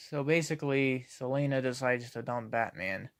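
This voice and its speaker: A man's voice: mid-range voice, moderate pace, no room sound, studio quality. A man giving a casual, critical comic book review, hesitating often and sighing.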